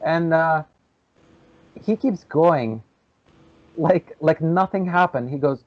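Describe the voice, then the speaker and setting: A man co-hosting a podcast, telling a story in a lively, casual way and acting out the people in it. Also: fairly high pitch, slow, pauses often, no room sound. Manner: animated storyteller, acts out quoted voices. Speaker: podcast co-host. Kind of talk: casual chat. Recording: tinny phone-like audio.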